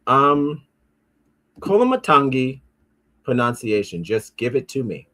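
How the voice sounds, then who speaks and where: A man's voice: mid-range voice, sing-song, a little slow, pushed and bright. Rambling, profane man hosting a show. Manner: rambling and profane, with frequent restarts and asides; easily frustrated, talks back at his devices. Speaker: podcast host. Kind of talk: casual pop-culture commentary.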